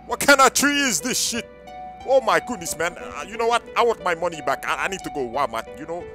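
A man voicing a bewildered young man who complains loudly and whines after being robbed, in a comedy skit. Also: sits high, very animated, fairly quick, soft background music, full character voice. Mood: disbelieving. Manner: loud, disbelieving, whiny.

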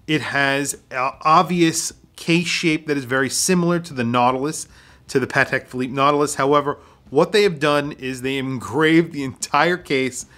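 A young man in a casual video review, poking dry fun at cheap watches. His voice sits in an ordinary middle pitch. He keeps the tone conversational and mildly sarcastic. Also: a bit bright. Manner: dry, mocking humor.

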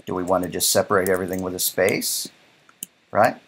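A man's voice: sits low, flat delivery, a little fast, slight background noise. A man teaching a programming lecture while coding live, thinking aloud in a casual way and often checking in with "right?". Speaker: programming instructor.

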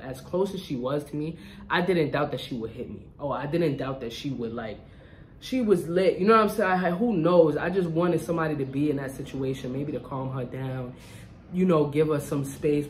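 A young adult vlogger telling a casual storytime in an animated, slangy way, often checking in with listeners. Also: mid-range voice, moderate pace, a little hiss or hum.

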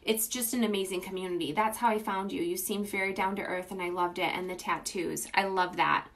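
This woman's tone stays steady and fairly bright as she talks fairly quickly on a casual phone livestream. She promotes her beauty business with informal, gushing enthusiasm and welcomes viewers by name.

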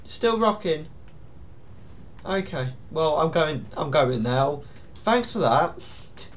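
A man's voice: a little high, lively intonation, slow pace, a little hiss or hum. A young man, commenting on a horror game in a panicky, pleading way, with yelps and nervous laughs. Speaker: gaming YouTuber.

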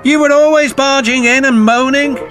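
Shrill, cross freight trucks, as a man voices them, jeer in very high, squeaky cartoon voices that get loud in places. Music plays behind. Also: steady tone, normal speed. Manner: shrill and mocking. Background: background music.

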